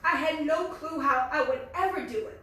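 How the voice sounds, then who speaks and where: A middle-aged American woman giving an earnest, fast-paced motivational speech at a business meeting. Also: high-pitched, bright, forceful tone, slight background noise. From United States. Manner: fast-talking, earnest and faith-filled. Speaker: network marketing leader and speaker. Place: large echoey meeting hall. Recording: echoey hall from far off.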